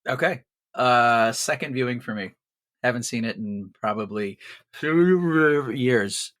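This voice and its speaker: A man's voice: medium pitch, slow, fairly bright tone. A man cohosting a film podcast, trading playful jokes in casual chat. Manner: joking, playful banter.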